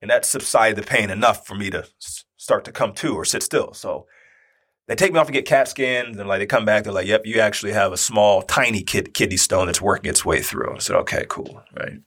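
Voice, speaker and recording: A man's voice: fairly low pitch, brisk, slightly rough. A man in his thirties telling a personal story in casual talk, acting out the quoted dialogue. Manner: animated, acts out quoted dialogue.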